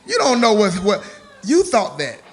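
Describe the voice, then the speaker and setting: A male stand-up comedian performing a set with an animated, punchy delivery. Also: high-pitched, measured pace.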